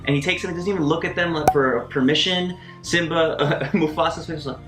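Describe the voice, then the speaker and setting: A man giving a casual video essay review of a film, animated, with quick asides and mock voices. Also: a little high. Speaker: movie reviewer. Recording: roomy echo, faint music behind.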